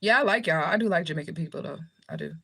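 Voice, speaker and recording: Fast and fairly low in pitch, her voice is a bit bright and slightly rough. She is an American spiritual reader hosting a livestream, casually chatting and fielding viewer comments with blunt jokes, lots of swearing and frequent laughs.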